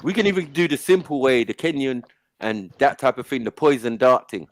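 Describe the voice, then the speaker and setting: A man trading jokes with friends on a live panel, full of slang and frequent laughter. His pitch jumps around freely as he teases the others. The recording is dry and close. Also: a little fast, no room sound. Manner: animated, joking, laughs often, London slang. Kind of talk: casual banter with friends.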